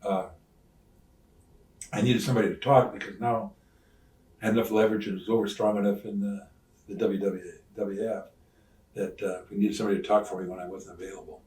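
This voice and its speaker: An older retired wrestler telling stories in an interview, acting out the voices of others with loud swings. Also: male voice, lowish voice, brisk, long pauses. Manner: animated storyteller, acts out quoted voices, loud swings. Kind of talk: shoot interview storytelling. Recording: roomy sound, mic at some distance.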